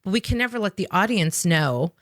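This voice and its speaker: A woman's voice: medium pitch, expressive, brisk, no room sound, clean studio sound. A woman, a sales trainer with an improv background, explaining with energy and emphasis, often tagging a questioning "right?" onto her points. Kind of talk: conversational podcast explanation.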